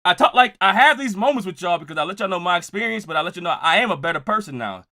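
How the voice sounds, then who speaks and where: A young man streaming casual reaction commentary and joking with his live chat. His delivery swings from loud outbursts to low mutters. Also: expressive, fast.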